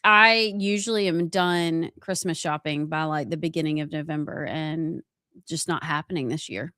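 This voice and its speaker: A woman's voice: deep voice, moderate pace, sharp tone, dry recording, studio quality. A middle-aged woman, co-hosting a radio show and chatting with an easy laugh. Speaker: radio co-host. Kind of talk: casual studio chat. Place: radio studio.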